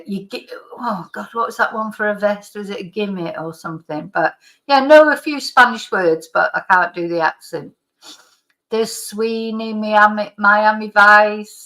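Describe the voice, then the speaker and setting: A woman's voice: mid-range voice, fairly bright tone. A middle-aged woman with a slight lingering cough, hosting a live stream in rambling, casual chat as she reads out viewer comments. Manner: rambling, chatty, with frequent restarts and laughs.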